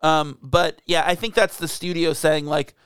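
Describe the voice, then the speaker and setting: A man talks through a movie in relaxed podcast banter, rambling with plenty of fillers. His voice is smooth and clear and sits fairly high, close to the mic in a dry, dead room. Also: normal speed, dry recording. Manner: rambling, filler-heavy, laughing. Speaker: podcast co-host. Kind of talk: casual movie review chat.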